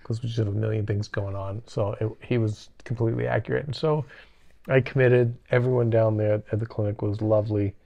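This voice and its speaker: A middle-aged man co-hosting a podcast, telling a personal story casually with halting restarts. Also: lowish voice, steady tone, gravelly, dull audio. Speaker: podcast co-host. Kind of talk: casual chat.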